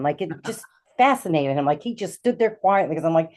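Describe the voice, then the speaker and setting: A middle-aged woman with a low, mellow voice tells a personal story as a talk-show guest. She is animated and slips into the voices of the people she quotes. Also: fairly quick. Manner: animated, acts out quoted dialogue. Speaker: guest, intuitive healer.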